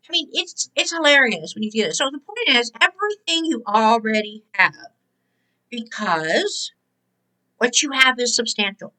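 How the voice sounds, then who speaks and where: High, bright-voiced woman preaching gratitude. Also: low-quality recording. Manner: emphatic and exhorting, repeats key words. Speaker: host and motivational speaker. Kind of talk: spiritual motivational talk.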